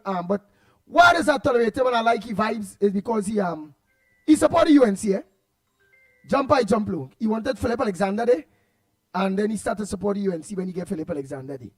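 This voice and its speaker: A man's voice: high voice, expressive, brisk, faint music behind. A man with a Trinidadian accent hosting a radio show, chatting casually and reading out listener comments with laughs and repeated words.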